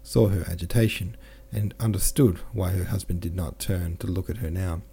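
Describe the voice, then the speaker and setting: A man's voice: low-pitched, steady tone, moderate pace, vocal fry, dark tone, breathy edge. A man narrating a classic novel aloud, reading the dialogue with mild shifts in tone for each character. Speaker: audiobook narrator.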